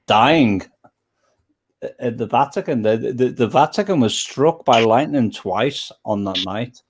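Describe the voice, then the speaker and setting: A man's voice: medium pitch, animated, moderate pace, slight background noise. A man chatting casually about old films, rambling and often searching for names.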